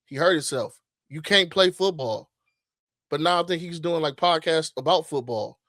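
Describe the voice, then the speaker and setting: A man's voice: a little high, moderate pace, a bit bright, dry recording, studio quality. A middle-aged man co-hosting a podcast, talking casually and animatedly, swearing freely and restarting his sentences. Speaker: podcast co-host.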